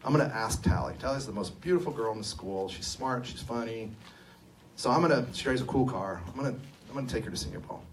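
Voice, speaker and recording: A man's voice: mid-range voice, fast talker, slight background noise. Self-deprecating middle-aged man, distant mic. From Sacramento, California. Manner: self-deprecating, humorous, lively storyteller. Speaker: company co-owner and engineer giving a talk. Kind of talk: conference talk with personal storytelling. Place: event room at a live talk. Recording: distant mic, faint room ambience.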